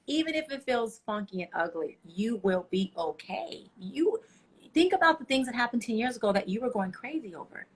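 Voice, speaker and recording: A woman's voice: a little high, breathy edge. A woman guest giving passionate motivational advice in an interview, telling stories with feeling. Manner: passionate, preachy, animated storytelling. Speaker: life coach guest.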